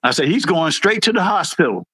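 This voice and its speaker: A high, bright male voice with a wide swing in pitch. He is a middle-aged veteran telling old service stories in a loose, casual way and acting out every quote. The sound is dry and close, with no room around it. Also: brisk, breathy edge, no room sound, rough recording. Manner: animated, jumps high when acting out quotes. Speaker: veteran guest, former Air Force supervisor. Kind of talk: casual storytelling.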